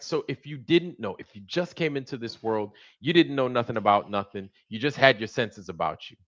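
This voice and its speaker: Man, casual stream monologue, bright forceful voice, animated retelling, dull lo-fi audio. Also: mid-range voice. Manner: animated storytelling, acts out both sides of conversations. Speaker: livestream host.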